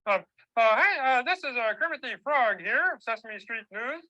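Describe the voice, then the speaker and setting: A man's voice: extremely high pitch, animated, moderate pace, bright, forceful tone, highs cut off, heavily acted. An actor playing a stammering male frog street reporter in a puppet sketch, nasal and flustered.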